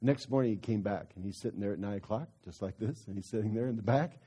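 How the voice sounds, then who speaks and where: A man's voice: lowish voice, fast talker, warm tone, breathy edge. A man preaching a sermon, telling a story in a conversational way that builds into fervent exhortation.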